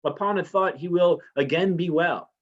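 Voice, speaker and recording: A man's voice: high voice, normal speed, pitched above the performer's own voice. A man reading aloud the lines of a commanding noble lady at a banquet, reciting verse firmly and insistently. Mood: urgent. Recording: slightly muffled lo-fi recording.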